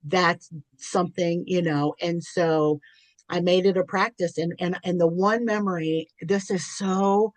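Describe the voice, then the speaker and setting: A woman's voice: fairly low pitch, steady tone, a little slow, dry recording. A middle-aged woman, a podcast guest, telling candid personal stories in an earnest, chatty way, often restarting her sentences.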